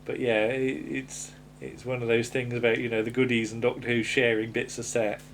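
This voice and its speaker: A man's voice: mid-range voice, flat delivery, moderate pace, a little hiss or hum. A man co-hosting a podcast, chatting casually about an old TV episode and musing aloud with many fillers and restarts. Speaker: podcast co-host.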